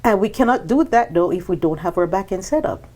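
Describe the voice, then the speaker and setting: A woman guest on a business podcast, telling her story in an animated way and acting out quoted dialogue with sudden jumps in pitch. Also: fairly quick.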